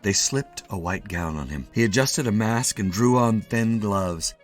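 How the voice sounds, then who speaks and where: A man narrating a classic short story with an expressive, animated reading. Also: lowish voice, a little slow, few pauses, faint music behind. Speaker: story reader.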